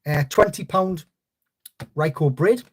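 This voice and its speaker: A man's voice: on the high side, slow, very noisy. Chatty man. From North East England. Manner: rambling, chatty, greets viewers by name. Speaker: fishing channel host. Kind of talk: live-stream chat with viewers.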